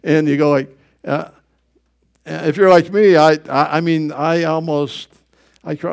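A man's voice: a little high, steady tone, measured pace, gravelly, long pauses. A middle-aged male pastor preaching a sermon in a folksy storytelling way, acting out his own thoughts in quoted asides.

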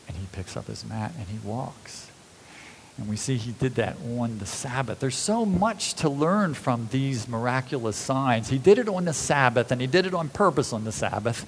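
A man preaching a sermon, retelling the scenes with animated storytelling and acting out the people in them. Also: mid-range voice, moderate pace, vocal fry, slight background noise, poor audio.

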